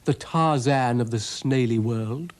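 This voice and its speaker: A man voicing a cheerful, boastful male snail in a cartoon, squeaky and chirpy. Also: measured pace, lightly acted.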